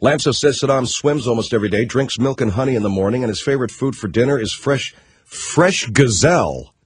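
Guy doing a sarcastic talk radio monologue, kinda husky, mid pitch. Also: fast, no echo, clean studio sound. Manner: sarcastic, mocking, riffing off news stories. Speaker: radio talk show host.

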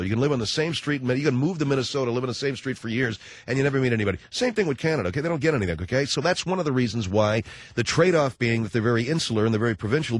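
A man's voice: mid-range voice, no echo, clean studio sound. A man hosting a talk radio show, riffing through a sarcastic, opinionated comedic monologue. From United States.

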